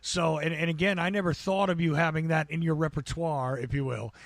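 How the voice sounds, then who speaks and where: A man with a New Jersey accent who talks in a somewhat high voice. He co-hosts a podcast and chats and rambles, laughing as he goes. His voice sounds close and dry. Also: fairly even intonation, fairly quick, no room sound. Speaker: podcast co-host. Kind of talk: casual chat.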